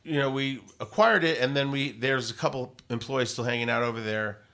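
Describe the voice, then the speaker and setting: A man, a radio host and podcaster, telling stories in a casual interview, rambling and animated with many fillers. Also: mid-range voice, brisk, gravelly.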